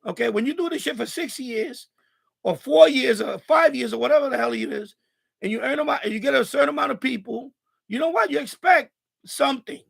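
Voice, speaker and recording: Angry, profane, gravelly-voiced stream host. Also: male voice, very high voice, fairly quick, fairly bright tone. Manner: angry, profane, repetitive rant. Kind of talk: live stream rant to chat.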